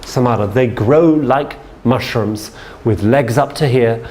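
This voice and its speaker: A man's voice: mid-range voice, slow, a little mellow. Man, sales trainer, storytelling lesson, chatty, checks in with listeners. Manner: chatty, keeps checking in with "yeah?".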